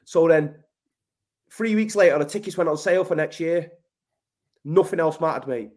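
A man's voice: fairly high pitch, moderate pace, darkish tone. A man from Manchester, telling a story as a podcast guest in blunt, sweary talk, calling the host mate. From Manchester, England. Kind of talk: casual storytelling.

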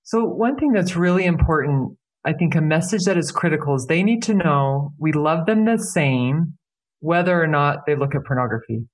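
Earnest middle-aged woman guest, animated, emphatic, conversational. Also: sits low, normal speed. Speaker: podcast guest, parenting expert. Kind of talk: casual conversation.

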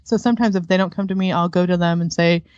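Woman, fairly low voice, candid storytelling, dry muffled sound. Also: steady tone, fast, no room sound. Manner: candid, laughs often, warm storytelling. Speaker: guest, adoptive homeschooling mother. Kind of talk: conversational interview.

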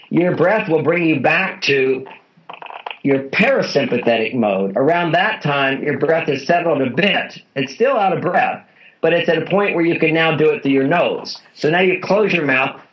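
A man with a rather high voice speaks animatedly at normal speed as a guest author in an interview. He explains things earnestly and instructively, repeating his main points, and the audio is dull and lo-fi.

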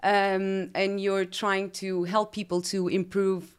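A woman's voice: medium pitch, little pitch movement, takes it slowly, smooth. A woman from Portugal with a Portuguese accent, hosting an interview podcast in English with frequent hesitations and fillers. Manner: hesitant, many fillers, laughs easily. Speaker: podcast host.

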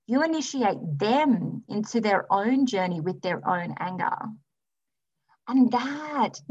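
A woman's voice: on the high side, highs cut off. A woman hosting a spiritual self-help podcast, talking earnestly and emphatically in long runs of repeated phrases. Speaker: podcast host.

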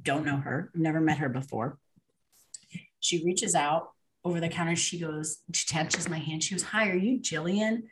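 A woman guest on a podcast, telling her personal faith story in a casual, animated way, full of "um" and "like" and acted-out dialogue. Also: sits low, normal speed, background noise. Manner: animated, with fillers and reenacted dialogue.

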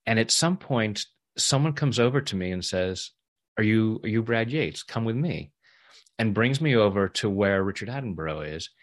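A middle-aged man telling a personal story in a casual interview, lively when he acts out what others said and laughing often. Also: lowish voice, moderate pace. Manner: animated when acting out quoted voices, laughs often. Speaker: interview guest, EFT practitioner.

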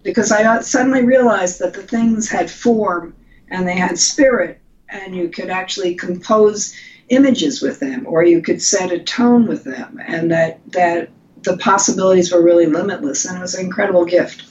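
An older woman, a designer and guest on an interview podcast, telling lively stories about her career with frequent restarts. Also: moderate pace. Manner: animated storytelling with restarts. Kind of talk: conversational interview. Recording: lo-fi with faint rumble.

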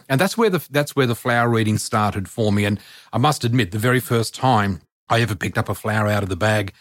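A middle-aged man, a podcast guest telling lively stories and acting out the voices in them. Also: lowish voice, a little fast, dry recording, clean studio sound. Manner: animated storyteller, acts out voices, laughs often. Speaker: guest, spiritual teacher. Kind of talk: storytelling in a podcast chat.

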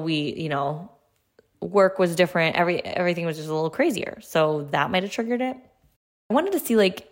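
A woman in her thirties talks through her podcast in a relaxed, chatty way, her voice sitting a little lower than most. She keeps it conversational, with loose phrasing and light laughs mixed in. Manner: laughs lightly while talking. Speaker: podcast host. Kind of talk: casual solo podcast talk.

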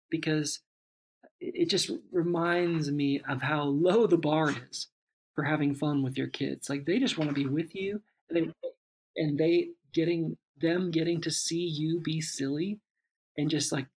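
A man, a father, in relaxed conversation, telling a long reflective story with many restarts and asides. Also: a little high, slightly rough. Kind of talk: casual chat.

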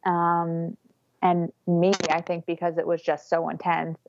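A woman's voice: fairly low pitch, completely flat delivery, measured pace, darkish tone, muffled recording, slight background noise. A young woman casually telling a candid story, often laughing as she talks. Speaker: guest telling her birth story. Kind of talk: casual conversation.

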